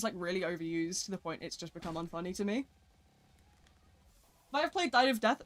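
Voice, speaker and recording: A young British woman talks into a desk mic during a live game stream, her voice sitting at an ordinary middle pitch. She rambles in a chatty, self-deprecating way, answering her chat as she plays. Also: a bit bright.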